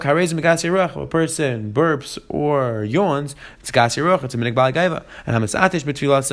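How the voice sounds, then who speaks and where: Fast-talking man teaching a Talmud class. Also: medium pitch. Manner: translating each phrase and mixing in Hebrew and Aramaic terms.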